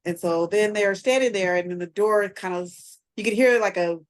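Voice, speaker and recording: A woman's voice: mid-range voice, moderate pace. A woman co-hosting a podcast, casually retelling a TV episode in a rambling way with lots of fillers and restarts. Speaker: podcast co-host. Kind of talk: casual recap chat.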